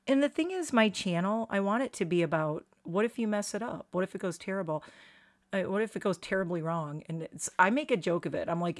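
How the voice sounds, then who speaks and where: A middle-aged woman with a fairly low voice and a slight lisp on her S sounds talks casually to viewers on a live stream. She rambles, restarts her sentences and fills gaps with ums. Her tone stays chatty and self-deprecating. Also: expressive, a little fast. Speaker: beauty vlogger doing a live stream.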